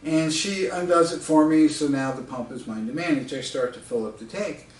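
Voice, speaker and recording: A man's voice: fairly high pitch, moderate pace, darkish tone, a little hiss or hum. Chatty man in a roomy space. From United States. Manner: chatty, laughing often, with fillers and asides. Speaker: storyteller and author. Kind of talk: casual spoken anecdote. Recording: roomy sound from a distance.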